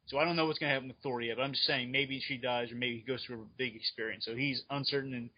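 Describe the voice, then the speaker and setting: A man in casual chat on a fan podcast, excitedly rambling through his speculation. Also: medium pitch, quick pace, slightly rough. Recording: dull lo-fi recording.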